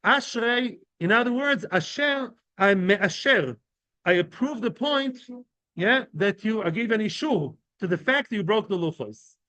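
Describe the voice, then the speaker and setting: Speaking a little slowly, the Talmud teacher has a high, expressive voice that sounds pushed and bright, captured in a dry recording. He leads a class of men informally, tying each term to everyday examples and regularly asking "right?" and "yeah?" as he talks.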